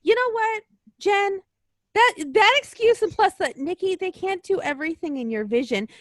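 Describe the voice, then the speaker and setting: A woman's voice: very high-pitched, normal speed, a bit bright, no echo, studio quality. A young woman co-hosting a wrestling podcast, ranting and swearing in exasperated casual chat. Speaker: podcast co-host.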